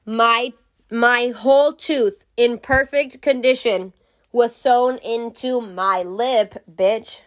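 A woman's voice: a little high, steady tone, slow. A woman vlogger telling a story to camera in a casual way. She is frank, jokey and swears freely.

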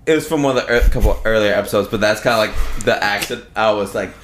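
A man's voice: lowish voice, fast, fairly bright tone, echoey room, faint music behind. A man co-hosting a comedy podcast, laid-back and joking. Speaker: podcast co-host. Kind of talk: casual chat.

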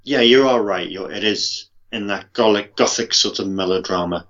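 Low voiced guy cohosting a movie podcast, dry wry humor, muffled lo-fi mic. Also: normal speed, fairly bright tone. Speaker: podcast co-host. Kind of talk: casual film review chat. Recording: dull, lo-fi mic.

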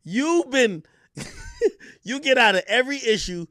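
A man's voice: very high voice, big pitch swings, slow pace, bright, forceful tone, dry recording, clean studio sound. A man moderating an online talk room, teasing and playful in casual speech. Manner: teasing, playful, laughs often. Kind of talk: casual chat.

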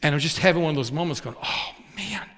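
A man preaching, telling folksy stories with lively acted quotes. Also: a little high, very fast, big-room sound. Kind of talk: storytelling sermon.

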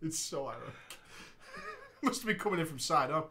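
A woman's voice: deep voice, wildly swooping pitch, moderate pace, pushed and bright. A woman co-hosting a comedy podcast, reading a story aloud and teasing, often giggling.

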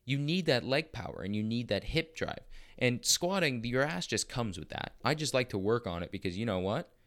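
Brash, profane young man ranting. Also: mid-range voice. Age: young adult. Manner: crude, boastful, profane rants; bursts of fast, excited talk. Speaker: podcast host. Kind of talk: casual monologue.

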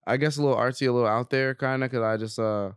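A young man trades laid-back, slang-heavy banter as a podcast guest. His voice comes through smooth and clear. The sound is dry and close, with no room around it. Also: mid-range voice, steady tone, quick pace, no room sound. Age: young adult. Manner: slangy, laid-back, says bro a lot. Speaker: guest comedian.

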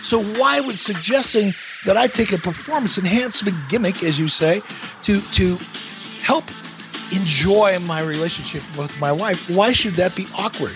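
A man, a podcast guest, telling crude anecdotes in casual chat with an animated, emphatic delivery. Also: moderate pace, music in the background. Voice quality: animated, emphatic delivery with big pitch swings. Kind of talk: casual profane storytelling.

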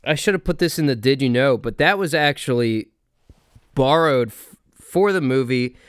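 A man's voice: medium pitch, expressive, moderate pace, smooth, no room sound. A man hosting a podcast, casually chatting about a film, swearing, laughing and acting out scenes. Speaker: podcast host.

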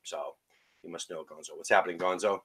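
Casting: male podcast host, lowish voice, loose and chatty, faint hiss behind. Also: steady tone, a little fast. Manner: loose, chatty, laughs loudly. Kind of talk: casual podcast chat. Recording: faint background noise.

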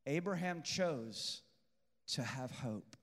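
A man preaching a sermon as pastor, swinging between shouted peaks and hushed intensity and repeating phrases for emphasis. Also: mid-range voice, animated, slow, in a large hall.

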